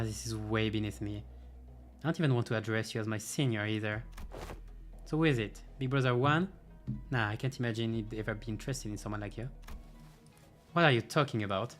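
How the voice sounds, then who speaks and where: A man playing through a game's story, reading the dialogue aloud and breaking off for dry, sarcastic asides. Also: mid-range voice. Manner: dry, sarcastic asides between read lines. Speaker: game streamer.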